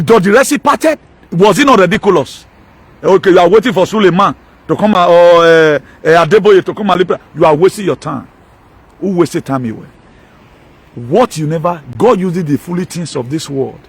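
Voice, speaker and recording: A man's voice: high voice, lively intonation, normal speed, husky, no room sound. A man with a Nigerian accent preaching an impassioned sermon, driving points home with rhetorical questions and mixing in Pidgin. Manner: emphatic, mixes Pidgin and local words, rhetorical questions. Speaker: pastor.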